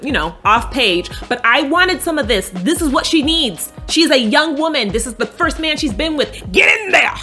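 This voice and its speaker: Sassy, animated woman recapping a show. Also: on the high side. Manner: sassy, animated, swears freely, acts out characters' lines. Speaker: recap host. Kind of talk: casual TV recap vlog.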